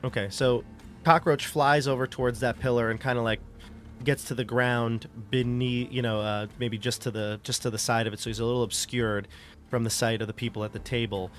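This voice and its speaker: Man, game master, rambling casual narration, mid pitch, faint music. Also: little pitch movement, brisk, a bit bright. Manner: loose, rambling narration full of "like" and "you know".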